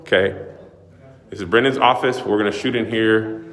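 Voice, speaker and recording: A man with a fairly low voice speaks at normal speed while casually walking through the large, empty building that is his new studio. Excitable and showman-like, he hypes the space up, captured on a camera mic.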